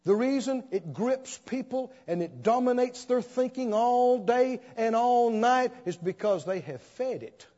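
A high-pitched man preaching slowly and deliberately, acting out little scenes as he tells his story. His voice rings through a large hall with a long reverb, and the recording sounds dull and muffled. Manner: animated storytelling, acts out scenes. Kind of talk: sermon.

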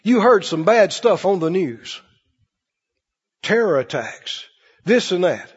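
A high, husky male voice preaching, lively and swooping in pitch. He acts out mocking voices as he goes. The sound is dull and carries a long hall reverb. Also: takes it slowly. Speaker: pastor. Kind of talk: sermon.

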